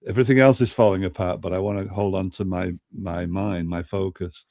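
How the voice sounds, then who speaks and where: Older Mancunian man, calm and reflective, lower register, dry close mic. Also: a little fast, no room sound. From Manchester, England. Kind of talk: casual chat.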